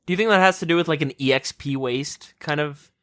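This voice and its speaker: A man's voice: a little high, fairly quick, fairly bright tone, no echo, clean studio sound. A young man co-hosting a gaming podcast, joking, swearing freely and asking questions. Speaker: podcast co-host. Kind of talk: casual gaming chat.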